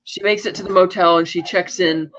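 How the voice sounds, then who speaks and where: A man's voice: high voice, steady tone, brisk, a bit bright. A man co-hosting a podcast, recapping an episode in casual chat, rambling with lots of "like" and restarts. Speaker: podcast co-host. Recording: dull lo-fi recording.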